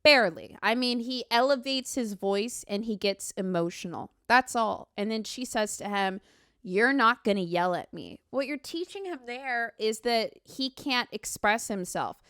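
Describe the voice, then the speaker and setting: A woman hosting reaction commentary on a video, emphatic and sarcastic, with animated asides. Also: mid-range voice, clean tone, dry recording, clean studio sound. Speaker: commentary streamer host.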